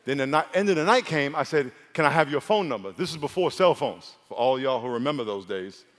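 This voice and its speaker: Animated man preaching in a reverberant hall. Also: a little fast. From New York. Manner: storytelling, acts out dialogue with big pitch swings and laughs. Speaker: pastor. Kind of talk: sermon.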